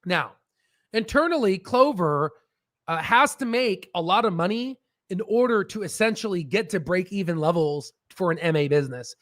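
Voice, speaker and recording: Man, high voice, dry close mic, excitable, swears, livestream host ranting. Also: moderate pace, dry recording. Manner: excitable, swears, mocks in shrill put-on voices. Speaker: stock market livestream host. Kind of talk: casual livestream rant.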